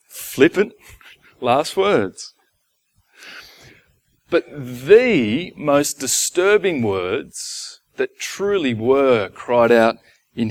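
A man preaching a sermon to his church in a relaxed, conversational way, with asides to the congregation. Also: medium pitch, no room sound. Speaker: pastor. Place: church gathering.

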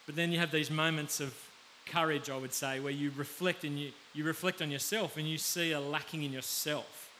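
A man with an Australian accent preaching a conversational sermon, often pausing to check in with his listeners. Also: a little high, fairly even intonation, bright, forceful tone. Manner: conversational, pauses to ask the audience. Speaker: pastor. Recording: faint background hiss.

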